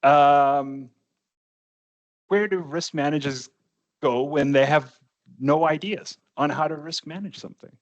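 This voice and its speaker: A man's voice: a little high, slow, long pauses, muffled recording. A man co-hosting a podcast in casual chat, easygoing and self-deprecating, often laughing. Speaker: podcast co-host.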